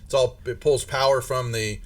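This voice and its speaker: A man's voice: mid-range voice, steady tone, moderate pace. A man narrating a tabletop game as game master, rambling with many restarts. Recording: distant mic with faint music.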